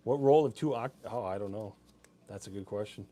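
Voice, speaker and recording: A man's voice: fairly low pitch, brisk, warm tone, slight background noise. Chatty, laid-back man hosting a sale. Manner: chatty, laid-back, laughs easily, rambling asides. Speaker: live-stream sale host. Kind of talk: casual live-stream product presentation.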